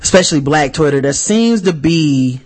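A man's voice: on the high side, expressive, moderate pace. A man co-hosting a podcast in casual chat, telling loose, profane stories that he animates with mock voices. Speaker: podcast co-host.

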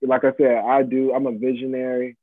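A man's voice: medium pitch, monotone, fairly quick, dry recording. A man in his mid-twenties, a guest in a casual interview, talking in a laid-back, reflective way with many fillers. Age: 20s. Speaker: guest, pop-up shop organizer. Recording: tinny phone-line sound.

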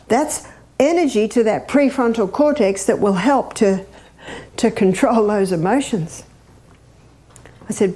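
Lively woman, warm and mellow. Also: a little high, a little slow. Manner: lively, imitates bird laughs, asks the audience questions. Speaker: health educator. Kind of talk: animated teaching talk.

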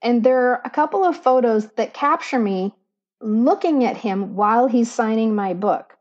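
A woman's voice: a little high, expressive, normal speed, a little mellow, dull audio. A woman co-hosting a podcast, telling a story in an earnest, heartfelt way with self-deprecating asides, recorded on a laptop microphone. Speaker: podcast co-host. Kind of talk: reflective storytelling chat.

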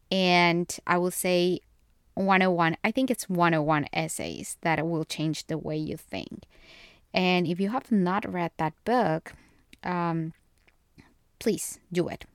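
A woman's voice: lowish voice, clear, resonant tone, dry recording, studio quality. A young woman hosting a casual solo podcast, chatty and gushing, often correcting herself mid-sentence. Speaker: podcast host.

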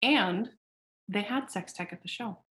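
A woman speaks frankly in a casual interview and throws herself into her story. She acts out the other people's lines as she goes and swears without a second thought. Her voice sits at an ordinary middle pitch. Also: measured pace. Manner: animated storyteller who acts out quoted dialogue. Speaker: founder of a sex tech company, podcast guest.

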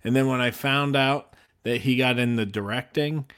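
Animated man telling jokes. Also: medium pitch, normal speed, smooth. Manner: storytelling, jokey, animated voices in quotes. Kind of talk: casual comedy chat.

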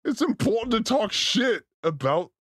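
A man's voice: high voice, sing-song, measured pace, fairly bright tone, dry recording, clean studio sound. A man hosting a casual comedy livestream, crude and joking, often slipping into put-on accents. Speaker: livestream host. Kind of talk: loose comedic livestream chat.

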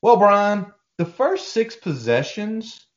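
A man co-hosting a casual sports podcast, talking in an animated, profane way and acting out quoted voices. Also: sits high, takes it slowly, highs cut off. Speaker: podcast co-host.

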